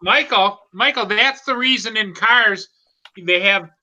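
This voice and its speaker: Male co-host, high and very bright voice, teasing and halting, heard through dull lo-fi sound. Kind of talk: casual group chat. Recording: dull lo-fi audio.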